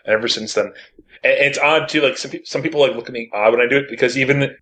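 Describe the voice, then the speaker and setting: A man's voice: mid-range voice, fast talker, pushed and bright. A man chatting on a podcast call, rambling with restarts and laughing often. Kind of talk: casual group chat over a call.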